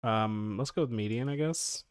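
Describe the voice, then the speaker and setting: A man narrating as game master in a casual tabletop session, laughing often and filling pauses with um and uh. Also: medium pitch, clean tone, no room sound, clean studio sound. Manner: casual, laughing, lots of fillers and restarts.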